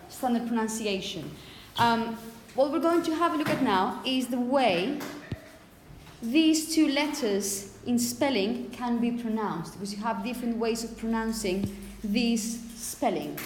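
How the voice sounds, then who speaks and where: Woman teaching in an echoey classroom. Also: fairly high pitch. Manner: explains slowly with many repetitions and "okay?" checks. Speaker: phonetics teacher. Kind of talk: classroom lecture. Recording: echoey classroom with long reverb, faint hiss.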